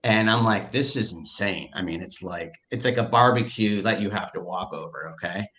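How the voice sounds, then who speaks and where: A man telling a personal story in casual conversation, excitable and full of filler words and restarts. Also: low-pitched, normal speed. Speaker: storyteller recounting a personal experience.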